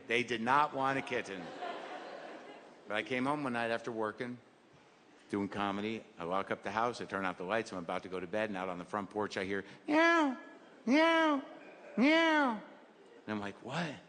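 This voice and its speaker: A man's voice: lowish voice, fairly even intonation, a little fast, bright, forceful tone, slight background noise. A middle-aged man doing a stand-up routine, rambling and self-deprecating in a wry, neurotic way. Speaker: stand-up comedian. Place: stage in a theater. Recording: live theater with crowd and reverb.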